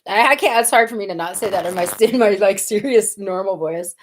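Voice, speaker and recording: A woman co-hosting a casual livestream Q&A, playful and quick to laugh. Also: medium pitch. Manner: giggly, playful, bursts of laughter. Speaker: livestream co-host.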